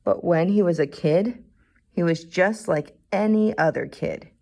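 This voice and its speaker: A woman reading a children's storybook aloud, expressive in manner. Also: fairly low pitch, measured pace, creaky.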